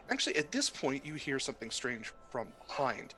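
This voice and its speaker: A man narrating a tabletop game as game master, halting with many fillers. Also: mid-range voice, big pitch swings, sharp tone, soft background music.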